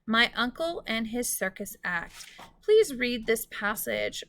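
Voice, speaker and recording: A woman teacher giving a recorded phonics lesson, speaking slowly and clearly and stretching out words for students. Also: a little high, sing-song, a bit bright.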